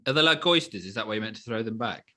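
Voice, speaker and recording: A man's voice: fairly low pitch, lively intonation, very fast, sharp tone. A man co-hosting a casual film review podcast, cutting in with dry, teasing one-liners. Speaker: podcast co-host.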